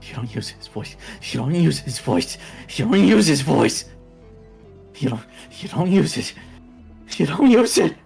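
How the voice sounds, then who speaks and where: A player voicing an anguished tabletop character who stammers, pleads and shouts while losing control. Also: mid-range voice, extremely slow, pauses often, soft background music. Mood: frantic. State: panicked.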